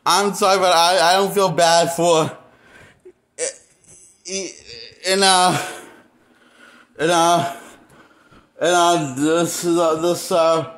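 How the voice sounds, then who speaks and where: A man giving an unscripted movie review, rambling and halting, with many fillers and restarts. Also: a little high, fairly even intonation, fairly bright tone. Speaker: movie critic.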